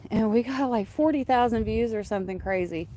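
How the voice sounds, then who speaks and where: Hosting a casual outdoor livestream, a woman rambles to her viewers with lots of fillers and coos at her dogs. Her voice is slightly high, brisk, and mellow, with a little background noise.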